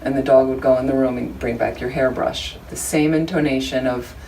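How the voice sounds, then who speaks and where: Woman with a deep voice, casual joking teaching style, mic at a distance, faint background noise. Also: fairly even intonation, a little fast, vocal fry, dark tone. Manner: chatty, humorous, conversational with frequent asides. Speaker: Buddhist study group teacher. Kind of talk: informal dharma teaching. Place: room with a small group of listeners.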